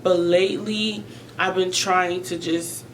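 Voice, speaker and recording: A woman's voice: fairly low pitch, steady tone, slow pace, background noise. A woman vlogger talking earnestly and emotionally to her viewers about mental health, often repeating herself as she searches for words.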